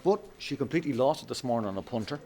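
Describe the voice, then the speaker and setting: An actor with an Irish accent playing a mocking police officer who turns defensive and insistent, in a TV crime drama. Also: male voice, mid-range voice, lively intonation, racing, darkish tone, natural voice. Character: sly, taunting male police officer. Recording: clear background noise.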